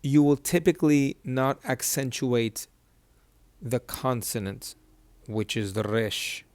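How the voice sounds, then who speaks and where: Male teacher, mid-pitched, close dry mic, patient and repetitive, breaks words into syllables. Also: a little mellow, dry recording. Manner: patient, repeats each syllable slowly. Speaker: Hebrew reading teacher. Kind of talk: whiteboard lesson.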